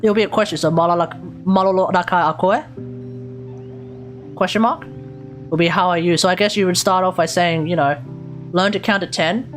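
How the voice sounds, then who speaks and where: A woman's voice: on the low side, fairly even intonation, a little fast, pauses often, soft background music. An Australian woman live streaming, thinking aloud as she sounds out and repeats unfamiliar foreign words. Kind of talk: casual live-stream chat.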